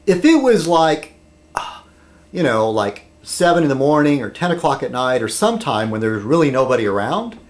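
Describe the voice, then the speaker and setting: A man talking straight to his viewers in a loose, rambling vlog style. He wanders off on tangents and keeps checking in with the listener. His pitch rises and falls a great deal. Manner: rambling, digressive, asks "okay?". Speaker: vlogger. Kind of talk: casual political chat.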